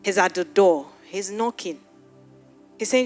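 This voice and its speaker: A woman's voice: medium pitch, measured pace, long pauses, soft background music. A woman pastor leading an altar call in a church, speaking earnestly and pleading, often repeating her words. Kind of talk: sermon altar call and prayer. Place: church hall with live audience.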